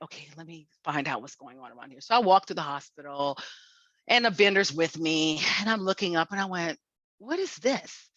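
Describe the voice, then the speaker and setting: Woman lecturer, lowish voice, dry close sound, slightly dull recording, lively anecdotes. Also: no echo. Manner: lively storytelling, acts out quoted exchanges.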